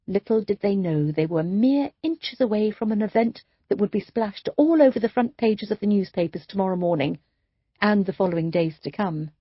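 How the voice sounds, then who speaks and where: A woman's voice: mid-range voice, expressive, moderate pace, husky, no room sound, muffled recording. A woman narrating an audiobook, reading the dialogue with light shifts for each character. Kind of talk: scripted narration.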